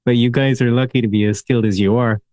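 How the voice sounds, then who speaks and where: A man's voice: mid-range voice, fairly even intonation, quick pace, warm tone, no room sound, studio quality. A man hosting a podcast interview, chatty and blunt, laughing often and swearing casually. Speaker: podcast host.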